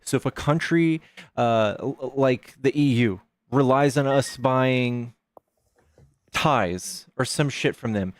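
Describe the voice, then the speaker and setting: Male stream host, mid pitch, heated and profane, peppers the caller with questions; dry close recording. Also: takes it slowly, dry recording. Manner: argumentative, profane, fires rhetorical questions. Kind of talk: heated live debate.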